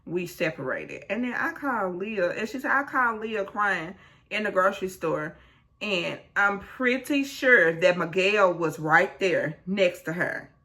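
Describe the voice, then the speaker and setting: A woman's voice: medium pitch, expressive, measured pace, bright, forceful tone. A woman hosting a casual recap vlog, retelling a reality show scene with blunt asides and acting out the quotes.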